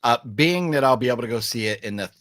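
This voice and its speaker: A man's voice: medium pitch, expressive, quick pace, fairly bright tone, dry recording, studio quality. A man hosting a casual movie chat, opinionated and emphatic, rambling with restarts. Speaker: podcast host.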